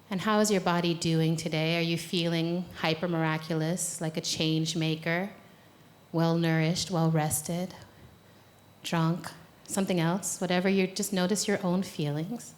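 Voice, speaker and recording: A woman's voice: fairly low pitch, steady tone, a little slow. An American woman, an organizer, leading a guided exercise and then giving a playful, conversational talk from a conference stage. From United States. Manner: playful, conversational, laughs at own jokes. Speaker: speaker and organizer. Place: conference venue.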